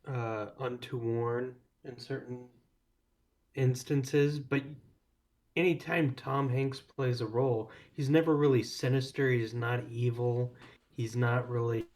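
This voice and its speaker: Male podcast co-host, measured and slow, thinks aloud while choosing his words. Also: mid-range voice, fairly even intonation, a little mellow. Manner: deliberate, searching for words. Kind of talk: casual chat about movies.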